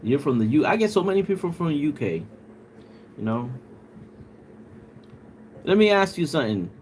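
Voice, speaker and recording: This man's voice is a little high and a little mellow, with a bald quality, big pitch swings, and a moderate pace over slight background noise. Hosting a casual livestream, he reads viewer comments, jokes around, laughs a lot, and mimics a British accent.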